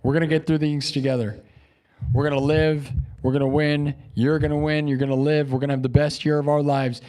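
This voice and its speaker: Man hyping his chat, higher-pitched. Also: little pitch movement, brisk. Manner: boastful, repetitive hype, swinging between loud declarations and quiet musing. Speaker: live streamer host. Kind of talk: livestream sign-off pep talk.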